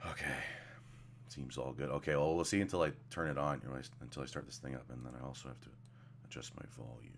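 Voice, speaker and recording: A man's voice: very deep voice, fairly even intonation, quick pace, creaky, slight background noise. A man casually commenting while streaming a game, rambling and swearing, with mumbled asides, speaking into a desk microphone.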